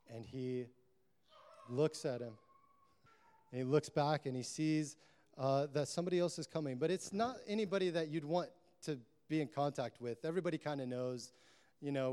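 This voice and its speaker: A man's voice: on the high side, darkish tone, clear, resonant tone. A man preaching a sermon, telling a parable in long run-on sentences strung together with "and", in a church. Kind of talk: sermon storytelling. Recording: long hall reverb.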